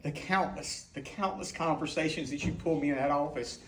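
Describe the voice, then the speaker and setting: Give me a man in his fifties with a slightly raised voice, giving a heartfelt, halting tribute. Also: a little high, a bit bright, slight background noise. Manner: halting, self-correcting, openly emotional. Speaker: longtime employee giving a tribute. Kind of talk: emotional heartfelt speech.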